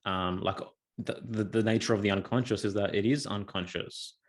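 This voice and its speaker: Deep-voiced male podcast host. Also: steady tone, moderate pace. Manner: hesitant, repeats words while asking. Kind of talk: casual interview questions.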